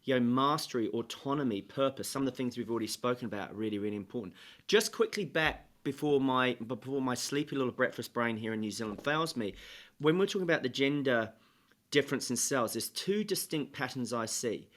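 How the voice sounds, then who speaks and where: A man, a sales trainer, talking as a podcast guest in a measured, explanatory way with frequent fillers. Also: mid-range voice, expressive, a bit bright. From England. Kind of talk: interview conversation.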